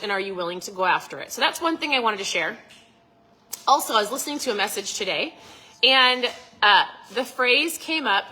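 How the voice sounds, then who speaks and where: A woman's voice: medium pitch, pushed and bright, poor audio. A middle-aged woman vlogging outdoors on her phone, chatting in a rambling motivational way and acting out her own inner voices. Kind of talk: casual motivational vlog. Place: outdoors by a lake at dusk.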